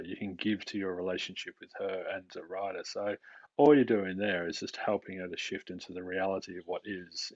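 A man, a mental health practitioner explaining his work in a calm, steady way during a podcast interview. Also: low-pitched, dry recording. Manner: calm, explanatory, with light laughs. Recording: dry, dull lo-fi recording.

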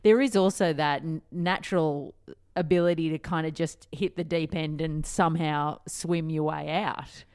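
A woman's voice: low-pitched, steady tone, normal speed, darkish tone, clear, resonant tone, no room sound, studio quality. A woman hosting an interview, speaking in an earnest, encouraging way. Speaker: podcast host. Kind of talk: conversational interview.

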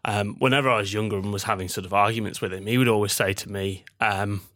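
A man's voice: lowish voice, steady tone, quick pace, a bit bright, no room sound. Rambling man, dry close sound. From Manchester, England. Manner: rambling, self-deprecating, many ums. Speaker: podcast host. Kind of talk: casual sports betting chat.

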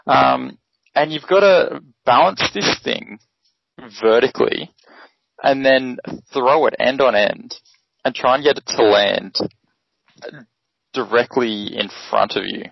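A man co-hosting a casual sports podcast walks through his explanations with lots of ums. His voice is gravelly and husky. The sound is dry and lo-fi, with no room echo. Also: medium pitch, a little slow. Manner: explains at a relaxed pace, with many ums. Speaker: podcast co-host. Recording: dry, dull lo-fi podcast audio.

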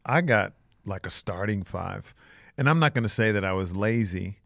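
A laid-back man with a lowish voice, chatting about sports on a podcast. He jokes around and laughs often. The sound is close and dry. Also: normal speed, creaky, dry recording. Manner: joking, laughs often, relaxed. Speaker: podcast co-host. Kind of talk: casual sports chat.

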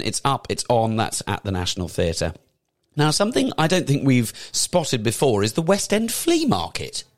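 A man with a somewhat low voice talks through a roundup of shows in a loose, chatty way. He is enthusiastic and rambling, often stopping to correct himself or throw in an aside. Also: no room sound, clean studio sound. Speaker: theatre news presenter. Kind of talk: casual chatty show roundup.

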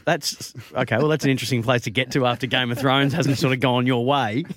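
A man's voice: medium pitch, steady tone, fast, fairly bright tone, no room sound, clean studio sound. A man hosting a radio show, casual and teasing with his co-hosts. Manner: upbeat, teasing. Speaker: radio host. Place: radio studio.

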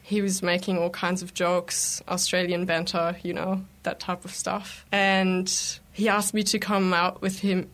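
Woman, casual storytelling, chatty, animated retelling, acts out quotes. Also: fairly low pitch, measured pace, hardly any pauses. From lives in London. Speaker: interviewee telling her story.

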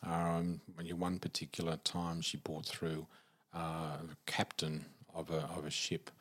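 A man's voice: sits low, measured pace. A middle-aged Australian man telling stories in a conversational way as a podcast guest, laughing often. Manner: laughs through his stories, animated. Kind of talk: conversational storytelling.

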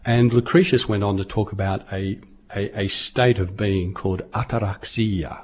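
A man's voice: fairly low pitch, fairly even intonation, normal speed. A man co-hosting a radio chat, making dry, wry, pedantic interjections. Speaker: radio show co-host. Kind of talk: casual chat. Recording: dull lo-fi radio recording.

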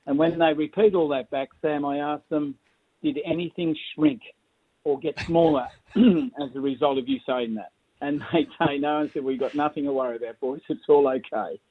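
A man's voice: on the high side, normal speed, husky. An Australian man, a consultant, telling stories and jokes in a casual interview and chuckling often. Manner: jokey, chuckling storyteller. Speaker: guest consultant. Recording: tinny phone-like line.

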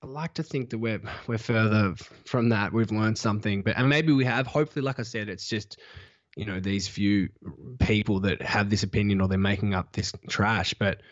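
A man's voice: fairly even intonation, moderate pace, dry recording. Passionate man on a dull, dry line. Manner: emphatic, passionate, with big pitch jumps. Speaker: podcast guest. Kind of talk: casual podcast chat.

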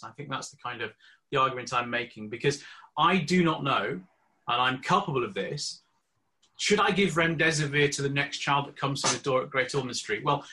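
Male intensivist, emphatic debater, bright tone. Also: mid-range voice. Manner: emphatic, argumentative. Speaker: intensivist debating in a conference panel. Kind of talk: conference debate.

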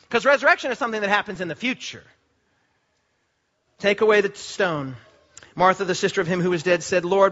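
High bright guy preaching hard, repeats himself, gets shouty, kinda muffled lo-fi recording. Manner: impassioned, rising to shouts, repeats phrases for emphasis. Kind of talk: sermon.

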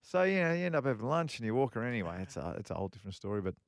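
A man's voice: mid-range voice, big pitch swings, racing, no echo, studio quality. A middle-aged man co-hosting a radio chat, telling long rambling stories full of repeats and fillers. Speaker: co-host and former pro golfer. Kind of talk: casual radio chat, storytelling.

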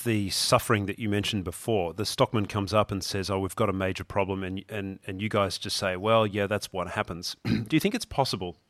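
Male podcast host with a lowish voice who asks careful, probing questions, recorded close and dry. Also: brisk, hardly any pauses, fairly bright tone, dry recording. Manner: thoughtful, probing questions with occasional restarts. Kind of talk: interview questions.

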